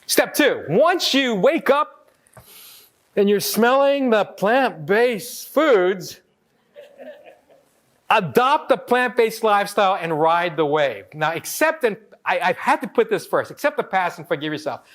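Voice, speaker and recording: A man in his forties from Hawaii giving a lively motivational talk, joking with the audience and acting out quotes. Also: high-pitched, a little slow. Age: 40s. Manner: animated, joking, acts out quotes. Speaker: motivational speaker.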